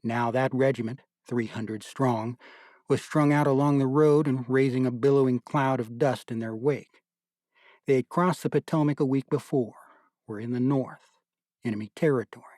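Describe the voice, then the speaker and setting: A man narrating an audiobook in a measured, deliberate storytelling manner. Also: medium pitch, dark tone, dry recording, clean studio sound.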